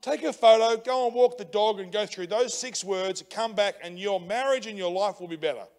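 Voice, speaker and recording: A man with an Australian accent preaching a sermon as pastor, energetic and colloquial, swinging between loud exhortation and hushed prayer. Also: high-pitched, normal speed. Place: church.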